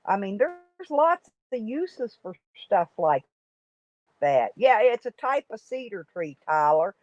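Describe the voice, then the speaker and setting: A woman's voice: medium pitch, sing-song, takes it slowly, no room sound. A woman, chatting in a rambling way with viewers as host of a live stream. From United States. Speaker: livestream host. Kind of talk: casual live chat reading comments. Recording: dry, dull lo-fi stream audio.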